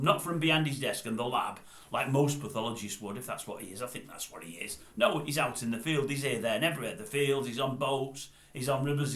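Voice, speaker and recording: A man's voice: mid-range voice, fairly bright tone, echoey room. An older man with a Northern English accent, ranting bluntly and scornfully to camera as a vlogger. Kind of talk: grumpy rant to camera.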